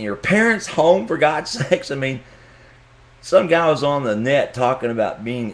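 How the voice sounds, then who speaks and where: Middle-aged guy, casual vlogger, crude joker, lively pitch. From Texas, US. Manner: joking, crude, chuckling to himself. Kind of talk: casual rambling monologue.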